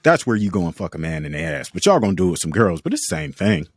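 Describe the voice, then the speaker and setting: A man tells stories on a podcast in an animated, laughing way, his pitch leaping wildly from low to high as he acts out other voices. The sound is dry and close, with no room around it. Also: fast talker, no echo. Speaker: podcast co-host. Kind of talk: casual storytelling.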